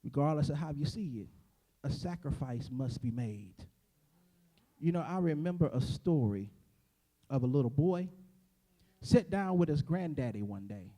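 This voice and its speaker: A man preaching a sermon, building to a shouted, chanting cadence with repeated call-and-response lines. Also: a little high, expressive, moderate pace, pauses often.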